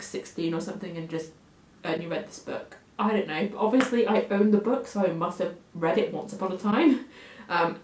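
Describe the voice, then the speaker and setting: A woman in her twenties with a southern English accent talks casually to camera about her bookshelf. Her voice sits at an ordinary middle pitch, and she rambles in a chatty, self-deprecating way with plenty of fillers. The recording picks up a noticeably echoey room at home. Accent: English, Oxfordshire-Cambridgeshire area. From England. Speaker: book vlogger.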